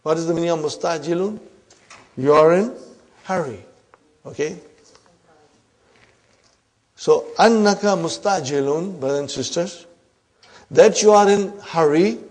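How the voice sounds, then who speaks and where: A man teaching Arabic grammar in a slow, drawn-out lecture, often checking in with his class. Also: fairly high pitch, a little mellow.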